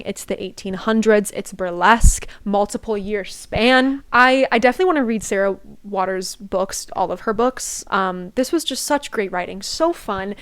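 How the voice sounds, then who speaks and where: A young woman talks about books she loves in a relaxed home vlog. She is chatty, gushing and giggly, with a voice of ordinary pitch. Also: smooth. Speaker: book vlogger. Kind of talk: casual book review.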